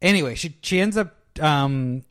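A young man casually recapping a film on a podcast, rambling and halting with many restarts and fillers, joking at his own expense. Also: on the high side, animated, smooth. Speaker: podcast co-host reviewing films. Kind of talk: casual chat.

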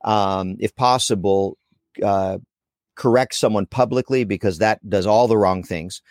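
A man's voice: fairly low pitch, measured pace, a little mellow, no echo. A man speaking as a guest on a casual podcast, rambling and correcting himself with dry jokes. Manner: rambling, self-correcting, joking.

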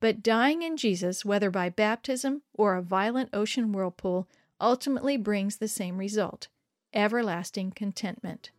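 A woman storyteller reads a gripping first-person tale with expressive, dramatic delivery. Her voice sits at a middle pitch and sounds close and dry, with no room echo. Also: moderate pace. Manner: expressive, dramatic reading that lifts sharply for quoted shouts.

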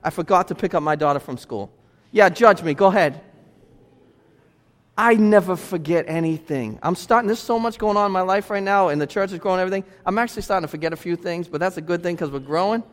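A pastor with a high voice delivers a lively, conversational sermon, tossing rhetorical questions to his congregation. His voice rings out through a church sanctuary with a long reverb tail. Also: fast. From United States.

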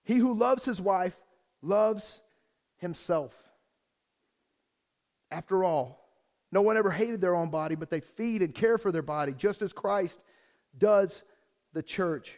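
A male pastor preaching a lively sermon, joking with the congregation and shifting quickly between reading and storytelling. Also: high-pitched.

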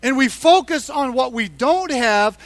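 A man preaching a sermon, retelling a Bible story in an animated way and driving points home through emphatic repetition. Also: extremely high pitch, a little slow, no room sound. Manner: emphatic, repeats points for stress. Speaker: pastor.

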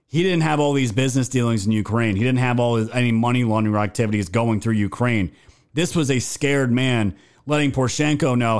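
A man hosting a political live stream, commenting and reading viewer chat in an indignant, emphatic and sometimes profane way. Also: medium pitch. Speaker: political talk show host.

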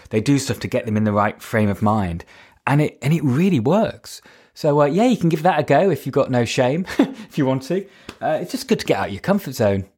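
A man with a northern English accent talks casually on his own podcast, mid-pitched and unhurried. He rambles in a friendly way, dropping fillers and self-deprecating asides as he shares coaching advice. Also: darkish tone, husky. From Northern England.

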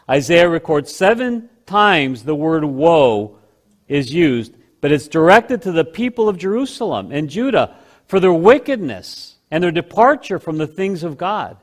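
A high-pitched man delivers a sermon, easing off the pace to stress key phrases. His volume alternates between loud and quiet.

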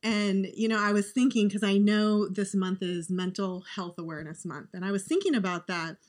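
An earnest woman shares a heartfelt story in a relaxed podcast conversation. Her pitch sits in a middle range, and she talks steadily and warmly, the way people do in casual storytelling. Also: moderate pace. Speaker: podcast guest.

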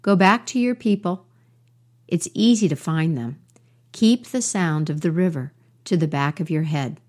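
A woman voicing a calm, wise male frog who speaks gently and instructively in a storybook tale. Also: deep voice, unhurried.

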